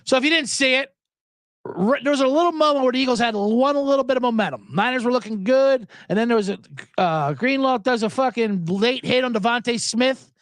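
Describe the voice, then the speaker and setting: A man's voice: extremely high pitch, brisk, fairly bright tone, no room sound. A man hosting a sports podcast, ranting with profanity, chuckling asides and plenty of energy. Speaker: podcast host. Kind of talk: profane sports commentary rant.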